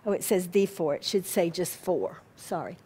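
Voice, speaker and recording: A woman with a Southern US accent speaks to a live audience in a lecture room. Her talk on spiritual living is gentle and unhurried, and she is quick to poke fun at herself. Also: fairly low pitch, animated, husky.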